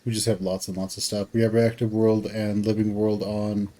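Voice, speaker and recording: A man with a fairly low voice gives casual commentary while he plays a game. He thinks out loud, trails off and restarts his sentences as he goes. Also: completely flat delivery, normal speed, low-quality recording. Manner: thinks aloud, rambling with restarts. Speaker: game streamer.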